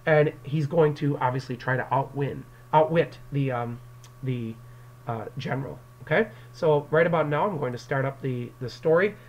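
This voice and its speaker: A man's voice: mid-range voice, moderate pace, dull audio. A male English teacher giving a recorded classroom lecture to his students on an external microphone, explaining the story and acting out quotes from it. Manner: explanatory, addresses students directly, acts out quotes.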